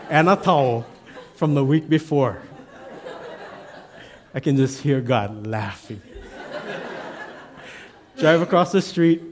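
A man's voice: mid-range voice, darkish tone. A man, an assistant pastor, telling a personal story in a sermon with self-deprecating humor.

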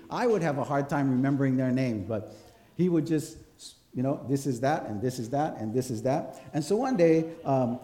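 Mellow-voiced preacher in a roomy church. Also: male voice, mid-range voice. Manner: storytelling, checking in with the congregation. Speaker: pastor. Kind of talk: conversational sermon. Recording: roomy hall echo.

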